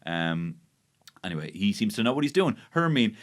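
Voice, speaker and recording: This podcast host is an Irishman with a low-sitting voice, talking at a moderate pace in an animated way. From his studio, he rips through a baking show recap with sarcasm, swearing, and pretend indignation.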